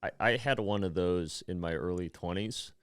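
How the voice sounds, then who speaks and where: A man's voice: deep voice, normal speed, a crowd in the background. A man co-hosting a comedy podcast, telling a long rambling story in a casual way, restarting sentences and laughing as he goes. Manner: rambling, self-interrupting, laughs mid-story.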